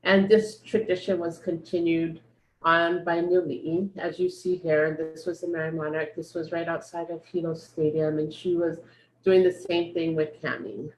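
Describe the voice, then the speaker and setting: A woman telling a heartfelt story at a memorial gathering, in a gentle voice over a video call. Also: low voice, level tone, normal speed, a little hiss or hum. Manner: gentle, growing softer and quieter. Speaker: memorial speaker. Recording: roomy echo.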